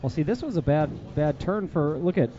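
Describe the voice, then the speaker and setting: A man's voice: a little high, expressive, a little fast, warm tone. A man doing live bowling commentary with laughing banter. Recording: dull broadcast audio with noise.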